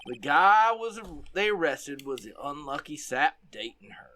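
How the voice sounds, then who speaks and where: A man's voice: a little high, sing-song, unhurried, pushed and bright, slight background noise, heavily acted. A man voicing a nervous, hapless young defense attorney in a video game play-through, bumbling and self-deprecating. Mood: sheepish.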